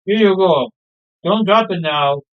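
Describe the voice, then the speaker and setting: A man's voice: sits high, measured pace, clear, resonant tone, dull audio. A man reading aloud the lines of a proud, sentimental fisherman father in a game, in a homely, storytelling way. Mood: cheerful.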